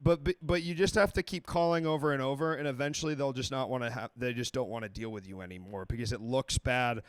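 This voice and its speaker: Thirties male host, laid-back and halting, dry close mic. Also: medium pitch, fairly even intonation, clear, resonant tone, no echo. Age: 30s. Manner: easygoing, hesitant with many restarts. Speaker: streamer host. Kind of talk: casual advice stream chat.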